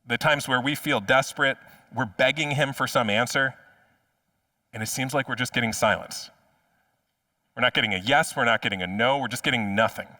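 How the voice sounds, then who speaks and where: A man's voice: mid-range voice, fairly quick, pushed and bright, dry recording, far from the mic. A man preaching a sermon as pastor in a conversational way, often repeating words as he restarts a phrase. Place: church.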